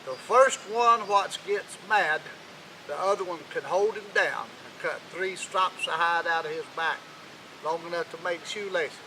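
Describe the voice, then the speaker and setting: Brief: a storyteller doing a bossy, stingy old king in a folktale, high and barking, bright edge. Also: a little slow, a little hiss or hum, full character voice, poor audio. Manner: loud, barking, high-pitched.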